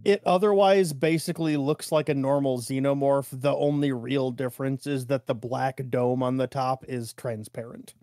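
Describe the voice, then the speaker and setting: A man co-hosting a podcast in casual chat, giving dry, wry remarks and steady agreement. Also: medium pitch, normal speed, few pauses, no echo. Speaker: podcast co-host.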